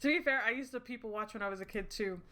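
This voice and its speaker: A woman streaming a story game, reading its lines aloud and reacting with animated, giggly, casual chatter. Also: a little high, fast. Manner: giggly, animated, swears casually, breaks into laughter.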